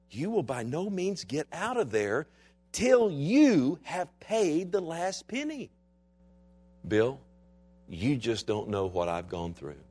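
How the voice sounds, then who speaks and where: A man preaching a sermon in a dramatic style. His voice sits at a middling pitch and keeps swinging from forceful, urgent passages to quiet, intense ones. He acts out the voices of the people he quotes. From Texas. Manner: dramatic preaching with wide swings from loud to hushed. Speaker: pastor.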